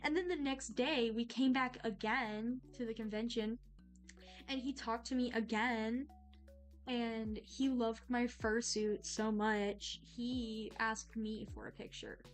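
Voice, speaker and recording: A young adult woman chatting casually while she draws on stream, excitable and gushing, rambling with lots of fillers. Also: fairly high pitch, slow, faint music behind. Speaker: art streamer. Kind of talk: casual chat while drawing.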